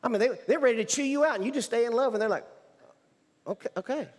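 A male pastor with a very high voice preaches a sermon in rapid-fire bursts inside a church sanctuary. He is emphatic, repeating himself and restarting phrases, while the church hall adds reverb.

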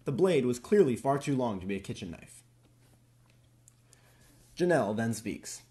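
A young man narrating a police evidence transcript in a deliberate, formal reading. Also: medium pitch, sing-song, dark tone, lightly acted. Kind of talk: read-aloud case transcript narration.

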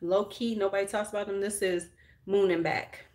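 A woman's voice: mid-range voice, steady tone, moderate pace, a little mellow. A middle-aged woman hosting a beauty livestream, chatting casually and frankly while doing her makeup, joking bawdily with viewers.

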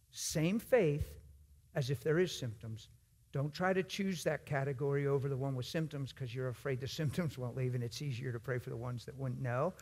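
A man preaching a sermon in a church, folksy and emphatic, swinging from loud exhortation to hushed asides. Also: mid-range voice, breathy edge.

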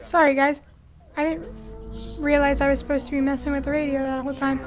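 A woman's voice: sits high, flat delivery, fairly quick, faint music behind. A young woman hosting a let's play, talking back to the game with frantic apologies and pleas. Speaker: gaming channel host.

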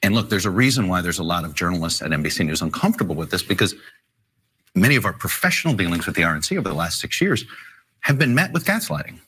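A man giving television news commentary in a measured, critical way, with some hesitation, played from a broadcast clip. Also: low-pitched, big pitch swings, pushed and bright, a little hiss or hum.

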